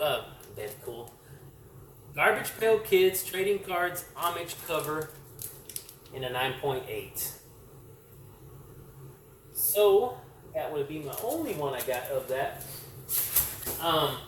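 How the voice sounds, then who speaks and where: A man's voice: fairly high pitch, fairly bright tone. A man casually showing his comic collection on camera, rambling with many fillers and self-corrections. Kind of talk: casual show-and-tell vlog. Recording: roomy echo, distant mic, faint hiss.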